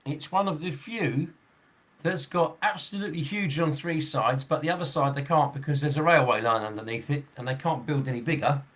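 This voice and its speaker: A man in his sixties chats casually on a podcast, his voice sitting a little high for a man. He rambles, breaks off mid-sentence and chuckles between thoughts. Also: a little fast, fairly bright tone. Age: 60s. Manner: rambling, chuckling, with frequent fillers and restarts. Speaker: football referee and podcast host.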